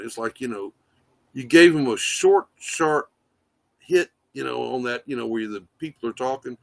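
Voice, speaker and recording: A man talking on a livestream from his phone, rambling and swearing with plenty of fillers. His gravelly voice swings widely in pitch, sitting a little high for a man. The sound is close and dry, with no room around it. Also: big pitch swings, moderate pace, fairly bright tone, dry recording. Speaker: livestream host. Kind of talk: casual rambling livestream talk.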